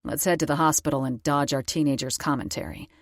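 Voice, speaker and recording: A man's voice: a little high, fast talker, gravelly, no room sound, voice pushed down. A woman voicing a commanding, protective middle-aged husband who speaks firmly with dry humor. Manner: firm, steady, dry humor.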